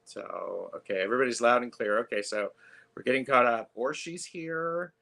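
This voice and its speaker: A man hosting a live tarot stream, chatting casually with lots of fillers and pauses. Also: medium pitch, gravelly, bright, forceful tone. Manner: chatty, halting, many fillers.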